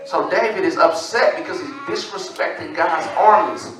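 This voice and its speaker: Pastor, male, high bright voice, loose slangy sermon, echoey hall. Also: moderate pace, over music. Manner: casual slang-filled preaching. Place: church. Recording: echoey church from a distance.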